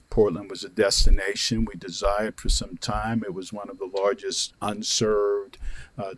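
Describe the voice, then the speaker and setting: Low-voiced man with a filler-heavy report. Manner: hesitant, many "uh" fillers. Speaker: airport director giving a report. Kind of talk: formal presentation to a council. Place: council meeting chamber.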